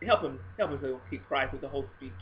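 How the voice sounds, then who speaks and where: A woman talking in a casual faith video blog, expressive and swinging between hushed and loud. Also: a bass voice, fast, dull audio.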